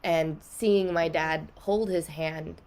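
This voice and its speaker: Low-voiced young woman telling a heartfelt story. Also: fairly even intonation, slow, darkish tone. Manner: candid and emotional, many "like" fillers. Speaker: podcast guest.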